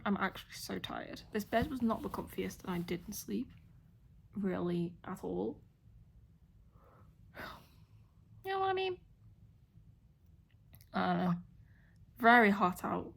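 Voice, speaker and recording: A woman's voice: medium pitch, vocal fry. A woman vlogging from a hotel room, rambling chattily with plenty of fillers. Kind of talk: casual chat to camera.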